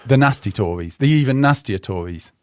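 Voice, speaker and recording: A man hosting a casual news chat in a studio, with a nasal voice from a cold and a relaxed, wry way of talking. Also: mid-range voice, a little fast, no room sound. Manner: relaxed, wry, chatty with fillers. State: under the weather, nasal. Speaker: podcast host and journalism lecturer.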